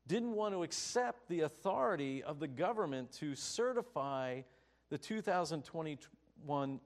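Man, pastor, sermon, slow deliberate pace, very lively pitch, animated storytelling. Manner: animated storytelling with emphatic rises.

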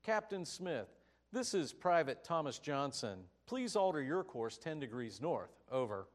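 Man doing a calm young sailor, courteous, lively pitch, slow and even. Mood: calm polite. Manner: steady and courteous, unbothered. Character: calm, polite young male sailor at a lighthouse.

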